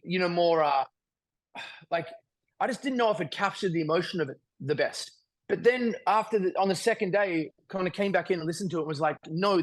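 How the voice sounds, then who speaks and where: An earnest Australian man in his thirties chats as an interview guest, his voice sitting a little high. He rambles along with fillers and restarts. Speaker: singer-songwriter guest. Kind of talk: casual interview chat.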